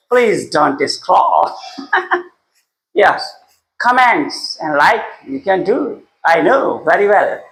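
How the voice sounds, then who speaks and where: A man with an Indian accent teaching English phrases, switching into Hindi and repeating each example sentence slowly word by word. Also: high voice, big pitch swings, a bit bright, reverberant, rough recording. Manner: slow, drawn-out word-by-word repetition of example sentences. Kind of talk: spoken English lesson mixing Hindi.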